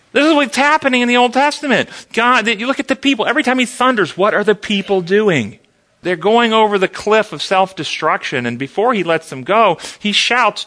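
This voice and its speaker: A man teaching an interactive Bible study, asking the class questions and answering them himself. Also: high-pitched. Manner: animated, asks the class questions.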